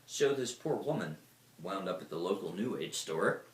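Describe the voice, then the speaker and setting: A man's voice: low-pitched, moderate pace, slight background noise. A man giving a casual, rambling talk, telling stories and swearing freely. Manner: rambling, profane, lively storyteller. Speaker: speaker. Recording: roomy echo.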